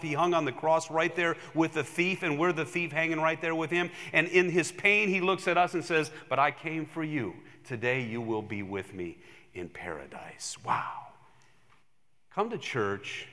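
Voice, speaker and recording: A male pastor preaching a sermon in a church, telling stories with animation and swinging from loud emphasis to hushed asides. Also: on the high side, in a large hall.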